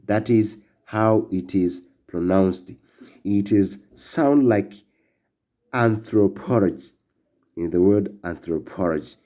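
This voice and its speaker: Slow, low-voiced male language teacher. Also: dark tone. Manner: slow, halting delivery with fillers, drilling words for repetition. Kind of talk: classroom-style language lesson.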